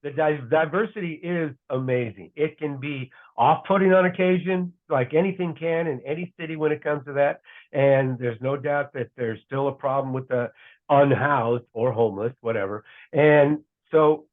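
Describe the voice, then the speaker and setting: A man's voice: a little high, normal speed. A middle-aged man, a guest broadcaster, telling casual rambling stories on a podcast and correcting himself as he goes. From United States. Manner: rambling, self-correcting anecdotes. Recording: tinny phone-like line.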